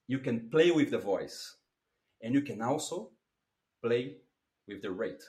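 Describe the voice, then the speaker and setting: A man being interviewed as a public speaking coach, talking in a lively way with big swings in voice and some non-native phrasing. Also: medium pitch, a little slow, pauses often. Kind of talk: animated interview talk. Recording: roomy echo.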